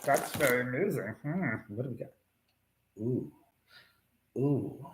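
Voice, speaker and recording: A man's voice: medium pitch, animated, takes it slowly, noisy background. A middle-aged man hosting a live stream from his home, chatting casually in a rambling, profane way.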